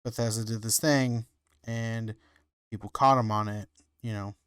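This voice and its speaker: A man's voice: fairly low pitch, steady tone, a little slow, clean tone, no room sound, studio quality. A man co-hosting a podcast, speaking hesitantly and searching for words, with many fillers. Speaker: podcast co-host. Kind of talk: casual chat.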